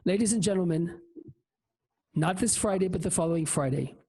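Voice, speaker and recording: A man hosting a talk show who makes slow, emphatic announcements and talks informally, with the odd swear word. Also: sits high, mellow, slightly rough. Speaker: host.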